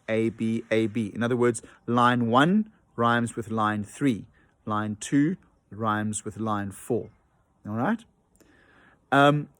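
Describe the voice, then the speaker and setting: In a dry recording, a man with a medium-pitched voice teaches an online lesson from home. He explains patiently but hesitantly, filling his speech with ums and uhs and tapping out rhythms aloud.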